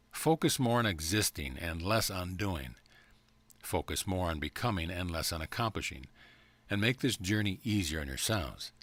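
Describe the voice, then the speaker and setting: A man reading a channeled spiritual message aloud in a calm, measured, evenly paced way. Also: sits low, dry recording. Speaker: audiobook reader.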